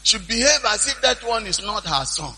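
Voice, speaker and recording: A man preaching a sermon, retelling a story with animated repetition. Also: high voice, normal speed, husky, long reverb tail, poor audio. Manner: animated storytelling, repeating lines for emphasis.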